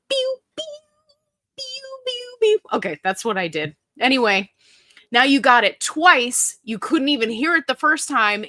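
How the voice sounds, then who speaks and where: A woman's voice: medium pitch, pushed and bright, no echo, clean studio sound. A woman hosting a casual live stream, chatting and greeting viewers by name in a bubbly, upbeat way. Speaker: livestream host.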